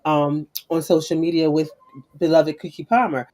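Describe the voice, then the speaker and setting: Mellow-voiced woman co-host. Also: low voice, level tone, moderate pace. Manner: thoughtful, restarts sentences while building a point. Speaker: podcast co-host. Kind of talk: conversational interview.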